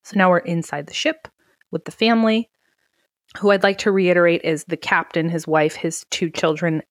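A woman co-hosting a casual podcast, talking through a movie plot in a loose, chatty way with plenty of filler words. Her voice sits a little on the low side and is recorded close and dry, with no room sound. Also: steady tone, normal speed, no room sound. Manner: chatty, recaps plot with frequent "like" and laughs. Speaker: podcast co-host. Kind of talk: casual movie recap chat.

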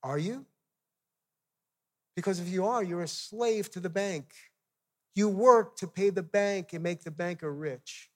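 A man in his fifties preaching with a notably high voice. He talks in a chatty, direct way, telling stories from his own life and pressing his listeners with questions. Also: measured pace, long pauses, a little mellow. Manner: conversational, direct questions to the audience. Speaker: missionary preacher. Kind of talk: sermon with personal stories.

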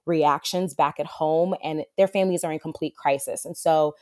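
A woman's voice: low voice, steady tone, normal speed, a little mellow, no room sound, studio quality. A woman therapist talking in an interview, earnest and heartfelt, with lots of fillers. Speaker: wilderness therapist for adolescent boys. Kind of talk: conversational interview.

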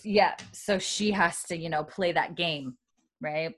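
A woman's voice: lowish voice, slow, a bit bright. A woman hosting a casual chat, recapping a TV episode in a rambling way with many fillers.

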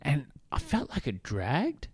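A man hosting a podcast, chatting casually, enthusiastic, with quick affirmations as he steers the talk. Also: a little high, wildly swooping pitch, a little mellow, slightly rough. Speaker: podcast host. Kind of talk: casual chat.

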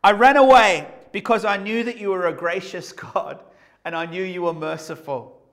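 A man's voice: sits high, normal speed, a bit bright. A man voicing an exasperated prophet who pleads with God in emphatic, repeated complaints.

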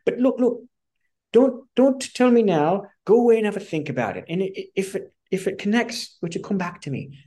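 A man putting on a high, easygoing Irish mentor. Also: expressive, fairly quick, dark tone. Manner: easygoing, repeats words. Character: friendly Irish male mentor on the phone.

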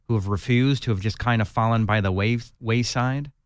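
A man interviewing a guest, asking short curious questions in a measured way. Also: medium pitch, no echo, clean studio sound. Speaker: interviewer, podcast host.

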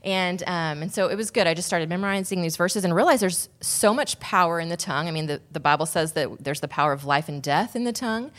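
A woman's voice: on the low side, fast talker, hardly any pauses. A woman on a podcast telling a personal story in a casual, rambling way, with many restarts and asides. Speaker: podcast guest.

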